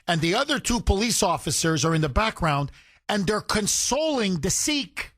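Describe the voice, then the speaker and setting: Male talk host, emphatic and indignant, animated delivery, dry close mic. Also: fairly high pitch, moderate pace, no room sound. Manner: indignant, emphatic, mimics people in quotes. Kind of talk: opinionated talk radio commentary.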